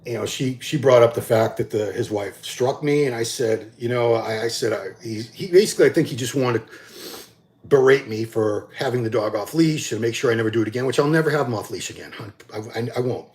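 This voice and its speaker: Man, middle-aged, bodybuilding channel host, casual storytelling, blunt, animated, acts out quotes, average pitch. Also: brisk.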